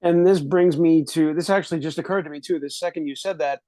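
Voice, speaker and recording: A man's voice: on the high side, steady tone, fast talker, mellow, no echo. A man co-hosting a podcast, laughing easily and drifting into digressive asides. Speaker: podcast co-host. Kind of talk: casual recap chat.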